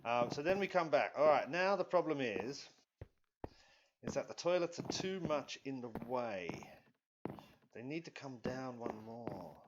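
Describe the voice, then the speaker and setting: A man's voice: mid-range voice, animated, a little slow. A man streaming live, chatting casually and rambling to himself as he builds in a video game, often apologizing. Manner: rambling, self-talking, apologetic. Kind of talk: live gameplay commentary. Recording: dull lo-fi stream audio with loud noise.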